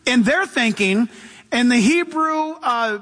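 A man's voice: very high voice, expressive, slow pace, a bit bright. A man preaching a sermon in an emphatic way, with rhetorical questions and calls to the congregation. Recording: long hall reverb.

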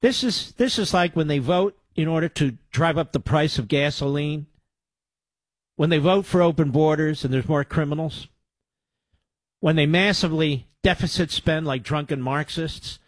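A man's voice: fairly high pitch, moderate pace, dry recording. A man hosting talk radio, combative and sarcastic, cutting into clips with insults. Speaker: radio talk show host.

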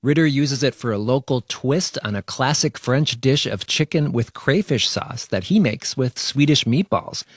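A man reporting a news feature for radio in a measured, even narration. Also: medium pitch, no echo, studio quality.

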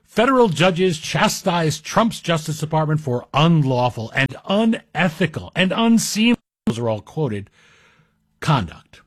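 A man's voice: fairly high pitch, big pitch swings, unhurried, no room sound, clean studio sound. A man guest hosting a talk radio show, chatting in a wry, self-deprecating way. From Greek heritage. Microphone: studio microphone.

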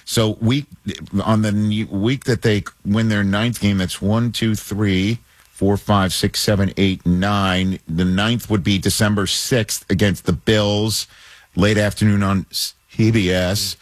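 Brisk New York sports radio host. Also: male voice, lowish voice, level tone, dry recording. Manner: brisk, playful, ribbing callers. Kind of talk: sports call-in radio talk.

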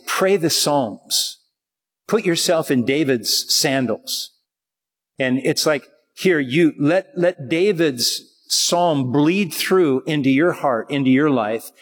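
A man preaching a sermon in a conversational way, reading scripture slowly and deliberately. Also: a little high, breathy edge. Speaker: pastor. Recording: long reverb of a large hall.

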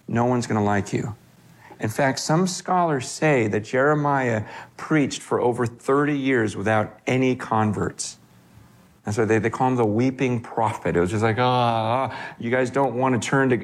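Man preaching a sermon, animated, big swings up and down, really emphatic. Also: medium pitch. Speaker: pastor.

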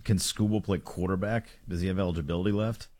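Deep-voiced male sports radio co-host. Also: steady tone, fast talker, mellow. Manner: casual, laid-back.

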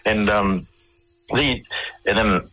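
A man's voice: lowish voice, slow pace, pushed and bright, poor audio. An Australian man telling a long story as an interview guest, rambling and often restarting his words. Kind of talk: conversational storytelling.

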